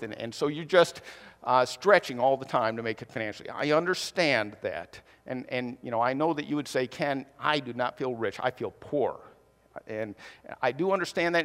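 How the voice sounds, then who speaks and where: A man's voice: fairly high pitch, a bit bright, long reverb tail. A man preaching a sermon as pastor, conversational and teasing his congregation. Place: church hall.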